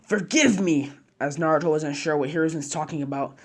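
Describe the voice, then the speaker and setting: A man's voice: fairly high pitch, flat delivery, quick pace. A man narrating a fan-made story casually, chaining run-on clauses with slang and fillers.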